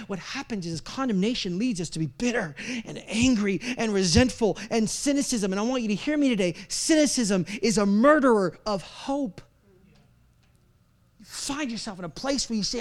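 A man, a pastor, preaching a sermon to a congregation, acting out his listeners' inner voices and swinging between hushed whispers and loud, emphatic outbursts. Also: sits high, animated, moderate pace. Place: church service before a live congregation.

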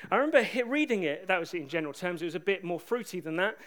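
High-voiced man preaching a sermon. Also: rapid-fire, few pauses. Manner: animated, swings from shouting to hushed. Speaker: pastor.

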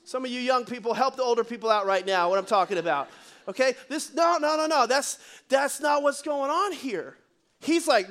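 High-voiced, animated male preacher. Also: normal speed. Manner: animated, joking, conversational preaching. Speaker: pastor. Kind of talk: sermon.

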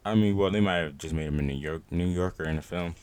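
A man hosting a casual podcast chat, relaxed and laughing often as he moves the talk from topic to topic. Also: low-pitched, fast, clean tone. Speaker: podcast host.

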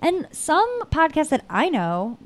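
A woman's voice: sits high, wildly swooping pitch, slow. A young woman co-hosting a podcast in casual, joking chat, full of filler words. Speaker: podcast co-host.

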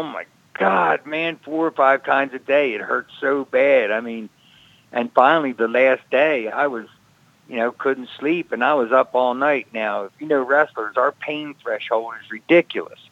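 A middle-aged man tells his story in a relaxed, ordinary register, stumbling over repeated words and tossing in "man" and "brother." His voice sits at an average pitch for a man. The sound is dry and muffled, like a lo-fi podcast feed. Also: moderate pace, no echo. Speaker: guest, retired wrestler. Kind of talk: casual storytelling.

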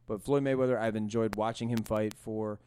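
A man's voice: fairly low pitch, a little fast, background noise. A man hosting a podcast, ranting in casual chat with a lot of swearing. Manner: profane, animated ranting. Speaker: podcast host.

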